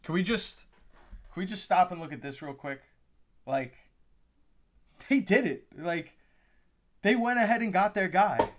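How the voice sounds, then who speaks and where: A man's voice: high-pitched, expressive, measured pace, pauses often. A young man hosting a live reaction stream, exclaiming and repeating himself as he talks to his chat. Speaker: livestream host reacting to the draft.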